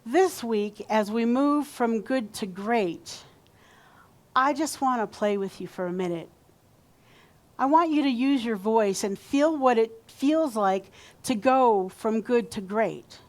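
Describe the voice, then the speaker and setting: Woman pastor, slow and chatty sermon delivery in a church, voice a touch high. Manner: warm conversational preaching, leads call-and-response. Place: church sanctuary.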